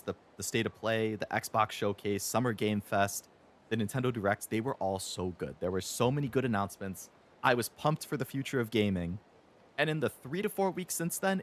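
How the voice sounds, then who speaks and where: A young man in his twenties rants on his game stream, heated and profane, and mocks companies in sarcastic voices. His pitch swoops and jumps all over as he gets worked up. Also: a bit bright. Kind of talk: ranting live-stream chat.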